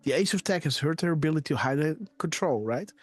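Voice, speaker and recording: A man hosting a live decode show, talking fast and excitedly and asking "right?" again and again. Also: on the high side, slightly rough, no room sound, faint music behind. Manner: animated, repeats "right?" and "guys". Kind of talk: conspiracy decode commentary.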